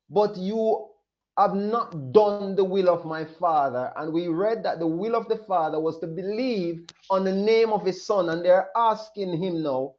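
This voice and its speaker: Male preacher, high voice, slow deliberate delivery, dull lo-fi sound. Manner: emphatic, repeats phrases, voices questions of others. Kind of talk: sermon. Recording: dull lo-fi recording.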